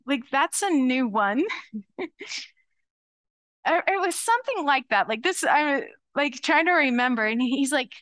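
A woman pastor delivers a sermon to her congregation with a slightly high-pitched voice. She preaches in a chatty, animated way, slipping into quoted voices as she tells stories. She sounds middle-aged. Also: a little slow, long pauses. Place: church sanctuary.

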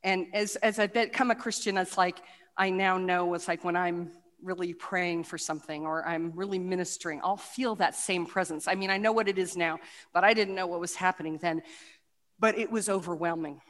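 Middle-aged woman, testimony speaker, lively storyteller with lots of fillers, heard in a hall with long reverb. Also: fairly low pitch, moderate pace. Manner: animated, acts out quoted voices, many restarts and fillers. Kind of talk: personal testimony talk with slides.

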